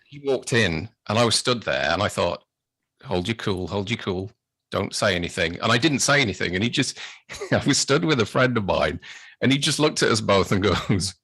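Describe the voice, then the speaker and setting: A British man, a podcast guest, telling anecdotes in a casual, animated way. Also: on the low side, fairly quick, slightly rough, dry recording. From Britain. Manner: animated storyteller, acts out his own excitement. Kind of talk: casual storytelling chat.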